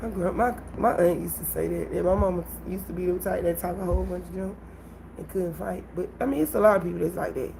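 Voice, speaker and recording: A woman hosting her own livestream, telling a personal story in an animated way and talking straight to her viewers. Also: on the low side, fast talker, creaky, slight background noise, low-quality recording. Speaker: livestream host. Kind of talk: casual livestream venting.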